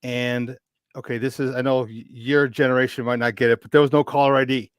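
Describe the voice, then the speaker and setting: A man in his fifties, a podcast guest telling a story in a chatty, animated way. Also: medium pitch, fairly quick, clear, resonant tone, dry recording. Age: 50s. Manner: chatty, animated, with many restarts. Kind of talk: casual storytelling.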